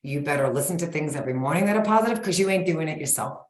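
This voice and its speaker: A woman's voice: low-pitched, expressive, rapid-fire. Blunt, folksy woman in her forties. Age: 40s. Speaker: guest expert on sugar cravings. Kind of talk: casual interview chat. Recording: roomy echo.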